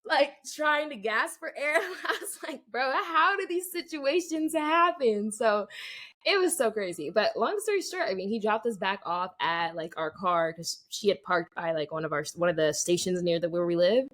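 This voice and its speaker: A woman's voice: medium pitch, normal speed. A young adult woman co-hosting a podcast, telling a story in casual chat, acting out the dialogue and filling it with "like". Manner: animated, acts out quoted dialogue, many "like" fillers. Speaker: podcast co-host.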